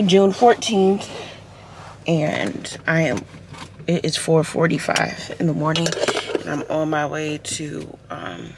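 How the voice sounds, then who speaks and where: A chatty woman films a casual phone vlog and talks straight to her viewers. Her voice sits low with a gravelly fry. Loud background noise runs under everything. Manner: chatty and animated, calls viewers girl, honey and y'all. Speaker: vlogger. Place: in a car and at home.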